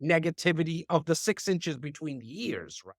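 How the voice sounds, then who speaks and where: A man speaking as a podcast guest in a casual, animated conversation, often repeating words as he talks. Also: a little high, normal speed, no room sound, studio quality. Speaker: real estate investor and speaker. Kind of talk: casual interview chat.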